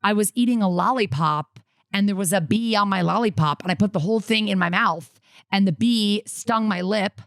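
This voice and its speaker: A woman's voice: medium pitch, moderate pace, dry recording, studio quality. A woman from Connecticut co-hosting a podcast remotely, telling rambling personal stories with lots of "like". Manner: chatty storyteller, lots of "like". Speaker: podcast co-host. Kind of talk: casual chat. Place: at home in Vermont, remote.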